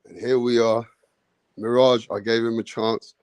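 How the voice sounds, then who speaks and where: A man's voice: mid-range voice, flat delivery, measured pace, a little mellow, smooth, no room sound. A man hosting a live boxing talk stream, blunt and swearing, teasing a chat member.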